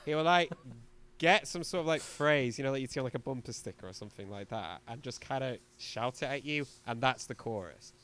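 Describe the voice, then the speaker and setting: This podcast co-host has a mid-range, fairly bright voice and talks a little fast. In a casual album review chat, he gets sarcastic and parodies the lyrics with over-the-top voices.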